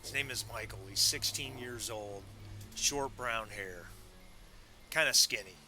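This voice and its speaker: Man as a weary older leader, measured and firm, slightly lowered. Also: sharp tone, faint music behind, poor audio. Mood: calm. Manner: slow measured speech.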